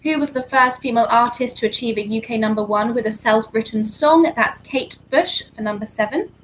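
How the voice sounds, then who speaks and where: A woman co-hosting an online charity quiz, reading answers briskly and lightly. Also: a little high, fairly bright tone, slight background noise, poor audio. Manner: brisk, light, laughs easily. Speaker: quiz co-host.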